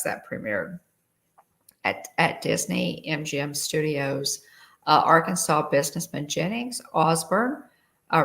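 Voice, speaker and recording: A woman's voice: low voice, vocal fry, a bit bright. A woman hosting a casual livestream, reading out trivia and greeting viewers by name. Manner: chatty, reads trivia aloud and greets viewers. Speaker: livestream host.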